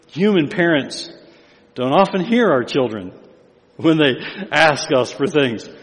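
A man's voice: medium pitch, long reverb tail. An older man preaching a sermon as pastor, with emphatic build-ups on key phrases.

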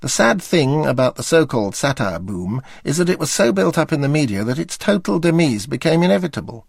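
Older man, memoir reading, dry wry delivery, gravelly voice, dead-dry recording. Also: on the high side, big pitch swings, a little fast, no echo. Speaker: memoir narrator.

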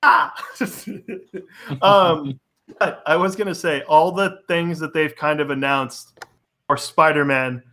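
A man hosting a casual chat, excitable and quick to laugh. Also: fairly high pitch. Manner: excitable, laughs often, quick fan talk.

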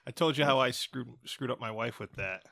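A man from New England hosting a casual podcast chat, dry and joking, often trailing off into low mutters. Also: brisk, gravelly, fairly bright tone, dry recording. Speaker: podcast host.

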